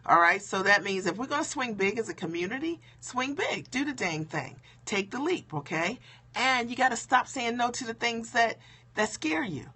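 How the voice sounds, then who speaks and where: A woman's voice: on the high side, animated, moderate pace, bright, forceful tone, slightly rough. Emphatic woman coaching on a live stream. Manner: emphatic, conversational, full of "okay?" and "right?". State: low-key because it is late. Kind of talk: motivational live stream talk.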